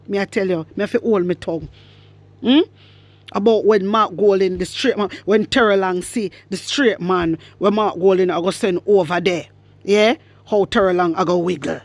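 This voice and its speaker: A woman's voice: mid-range voice, normal speed, no echo. A Jamaican woman giving heated, mocking political commentary with frequent exclamations. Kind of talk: heated social media commentary.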